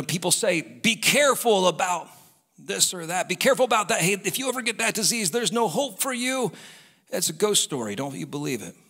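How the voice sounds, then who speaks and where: A man's voice: high-pitched, pushed and bright. A male pastor preaching a sermon in an impassioned way, pressing the congregation again and again. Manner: impassioned, repetitive exhortations, talks straight to the congregation. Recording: church hall reverb.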